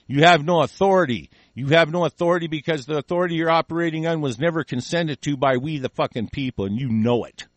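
A man's voice: a little high, fast, hardly any pauses, no room sound. A man hosting a call-in show, delivering an angry, profane political rant in heated bursts.

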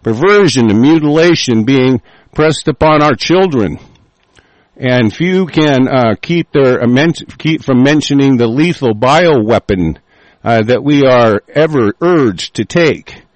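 A man hosting a show, reading aloud with halting fillers and breaking into profane, furious rants. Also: mid-range voice, expressive, no echo, low-quality recording. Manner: hesitant, many fillers while reading.

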